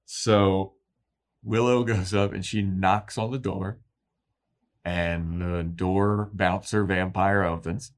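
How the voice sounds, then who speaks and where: A man co-hosting a podcast, recapping a TV episode with animated storytelling. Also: low-pitched, slow pace. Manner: animated storytelling, acts out quotes. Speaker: podcast co-host.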